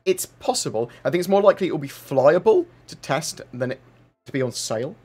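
A man's voice: on the high side, expressive, brisk, a little mellow, slightly rough, faint music behind. Chatty man hosting a livestream. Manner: rambling, reads out viewer questions, chatty with lots of fillers. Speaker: livestream host. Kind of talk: casual livestream Q&A.

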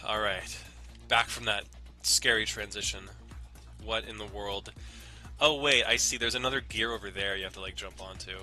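A man's voice: lowish voice, fairly even intonation, normal speed, pushed and bright. A young man casually commenting on his gameplay in a rambling, jokey way, swearing often. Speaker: let's play host. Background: faint game music.

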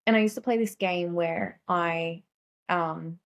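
Soft, halting woman guest. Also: on the low side, steady tone, gravelly. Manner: soft-spoken, halting, with many fillers. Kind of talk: casual conversation.

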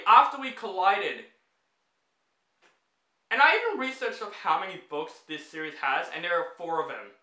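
A man's voice: sits high, sharp tone, echoey room. A man ranting through a list of his least favorite movies, blunt and exasperated, swearing freely. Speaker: movie reviewer.

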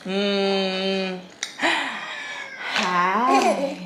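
A young woman, feeding her baby at home and cooing at her in slow, soothing baby talk. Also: high-pitched, lively intonation, roomy sound, noisy background. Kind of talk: home vlog, talking to a baby. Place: home kitchen with a TV on.

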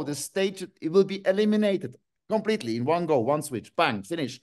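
A man speaks over a video call link. He rants angrily, swears freely and bursts out in sharp, emphatic jabs. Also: fairly high pitch, fairly quick. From Switzerland. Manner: angry, ranting, swearing, with sudden outbursts. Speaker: guest. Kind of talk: online video call interview.

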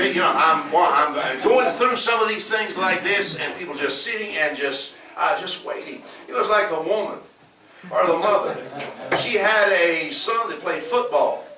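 A man's voice: high-pitched, noisy background. An older man with a Southern US accent preaching a sermon, telling stories in a rambling, folksy way with many fillers. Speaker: pastor. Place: church. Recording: echoey room from a distance.

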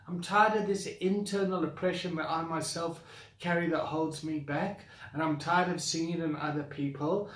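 A man's voice: a little high, steady tone, normal speed, fairly bright tone, reverberant, recorded from a distance. A man with a South African accent who founded a coaching academy, bluntly venting his frustration straight to the camera with sighs and repeated complaints. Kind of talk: direct-to-camera rant.

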